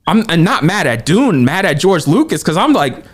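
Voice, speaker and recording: Excitable man gushing about a movie. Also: a little high, normal speed, husky. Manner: excited, animated retelling with quoted asides. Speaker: podcast co-host. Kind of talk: casual movie chat.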